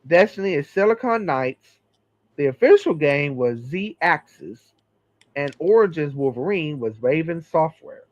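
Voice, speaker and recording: A man hosting a casual chat who reads through a list of games, slowly and with many fillers. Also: a little high, sing-song, dry recording, muffled recording. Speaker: podcast host.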